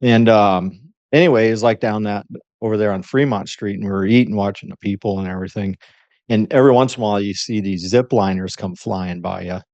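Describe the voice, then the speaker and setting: A man's voice: lowish voice, brisk, a little mellow, dry recording. A man hosting a podcast, telling stories in a laid-back, teasing way. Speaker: podcast host. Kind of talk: casual chat. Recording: dull, dry lo-fi podcast audio.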